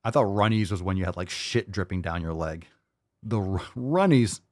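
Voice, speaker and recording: A podcast host reacting to videos with sarcastic, profane commentary and mocking asides. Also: male voice, deep voice, steady tone, a little fast, dry recording, studio quality.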